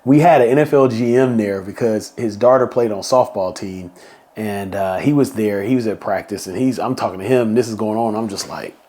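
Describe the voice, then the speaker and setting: A middle-aged man hosts a podcast, telling a story in a casual monologue and acting out quotes with bursts of higher pitch. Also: fairly quick, dark tone. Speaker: podcast host.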